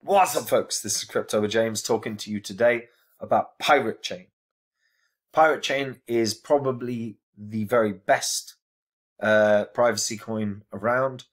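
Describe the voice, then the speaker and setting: A man's voice: fairly low pitch, a little slow. A man giving a casual crypto review to camera, earnest and emphatic, often repeating his words for stress.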